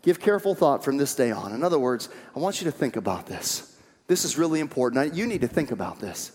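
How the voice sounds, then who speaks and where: A man's voice: mid-range voice, sing-song, fast talker, a little mellow, husky. A man preaching a sermon as pastor, emphatic, repeating key phrases and coaxing the congregation along. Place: church sanctuary. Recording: long hall reverb.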